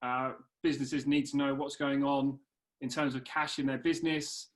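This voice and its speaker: A man hosting a live webinar in a relaxed, friendly way with many "uh"s and "um"s. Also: mid-range voice, normal speed. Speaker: webinar host.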